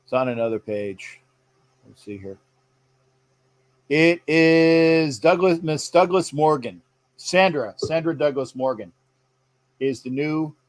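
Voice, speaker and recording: A man hosting a casual live sports show, rambling and chatty as he reads out viewer comments. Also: on the high side. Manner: frequent fillers and restarts. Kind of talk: casual live-stream chat.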